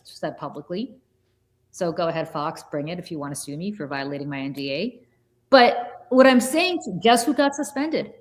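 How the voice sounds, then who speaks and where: A woman co-hosting a political podcast, telling stories in a blunt, profane, fiery way. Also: mid-range voice. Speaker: podcast co-host. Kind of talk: heated political podcast talk.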